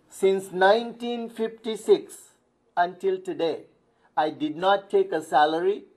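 An older man, preaching a sermon as a pastor and answering his own rhetorical questions with emphasis. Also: high voice.

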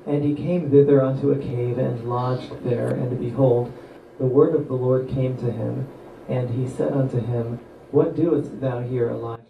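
A man reading Bible passages aloud in a steady, even way during a study group. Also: mid-range voice, unhurried, vocal fry, highs cut off, a little hiss or hum. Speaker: scripture reader. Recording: echoey room, from far off, faint ambience.

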